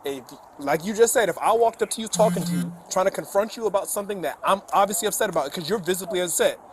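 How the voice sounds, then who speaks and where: A male police officer questioning a man outdoors in a firm, measured way, reasoning step by step, on body camera audio. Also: sits high, background noise. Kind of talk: calm questioning on bodycam. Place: outdoors in an apartment complex.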